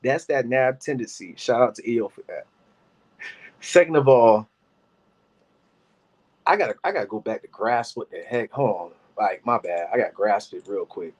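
Man in his 30s, reaction-show host, casual rambling delivery, moderate pitch. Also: normal speed, pauses often. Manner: animated, rambling, talks to chat by name. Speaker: commentary host.

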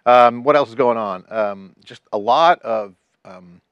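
A man's voice: mid-range voice, measured pace, fairly bright tone, clean tone, dry recording, highs cut off. A man co-hosting a podcast, talking in a rambling, chatty way and restarting phrases. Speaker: podcast co-host. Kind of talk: casual tech chat.

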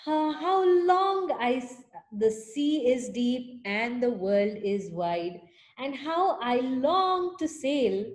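A woman's voice: high voice, big pitch swings, takes it slowly, full character voice. A woman doing a tiny wistful sea snail.

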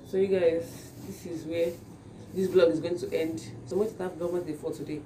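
A woman's voice: lowish voice, steady tone, normal speed, far from the mic. Young Nigerian woman vlogger, just-woke-up voice, chatty with lots of restarts, in a noisy spot. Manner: chatty, repeats words and restarts a lot. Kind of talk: casual chat to camera.

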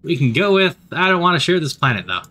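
A man's voice: a little high, big pitch swings, fast talker, sharp tone, a little hiss or hum, voice pushed up. A man doing a blunt teenage colonist.

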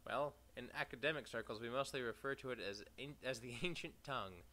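A man's voice: mid-range voice, fairly quick, sharp tone, lightly acted. A man putting on a pompous scholarly bird. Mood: haughty polite. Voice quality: snobbish, overly formal.

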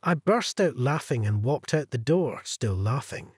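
Husky male first-person story narrator. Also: medium pitch, expressive, a little slow, a little mellow, dry recording, clean studio sound.

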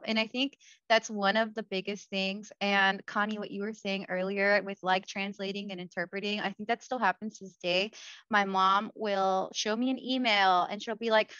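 A woman's voice: mid-range voice, a little fast, no echo. A woman therapist from the United States in a casual podcast chat, telling family stories and acting out the voices of the people in them. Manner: animated storytelling, acts out dialogue. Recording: muffled lo-fi audio.

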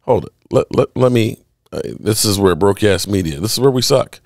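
A man's voice: lowish voice, moderate pace, dry recording, studio quality. A man hosting a sports podcast, ranting indignantly over game clips and repeating his points. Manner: animated, indignant, repeats himself.

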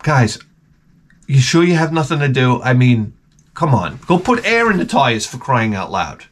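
A man's voice: mid-range voice, big pitch swings, normal speed, slightly rough. A man hosting his own vlog, telling crude, profane stories in a rambling comic monologue. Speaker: vlog host.

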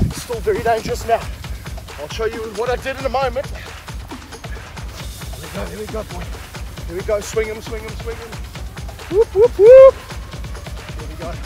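A man hosting an energetic outdoor snake-handling demonstration to camera. He talks with excitement and breaks into whooping calls. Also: sits high. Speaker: snake handler and show host. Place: outdoors on grass in hot weather.

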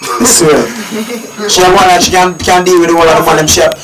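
Rowdy Jamaican-accented studio guest, higher voice, sits back from the mic. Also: male voice, level tone, fast. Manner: rowdy, laughing, keeps asking "you hear that". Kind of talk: boisterous radio banter. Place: busy radio studio. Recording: distant mic, loud crowd.

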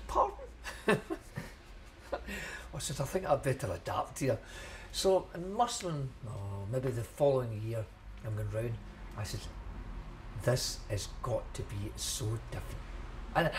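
An older Scottish man in his seventies, a shellfish shop owner, reminisces in a documentary interview about decades of running his shop. He's chatty and friendly, rambles, repeats phrases while gathering his thoughts, and chuckles at memories, speaking at an ordinary middle pitch over faint ambient hum.

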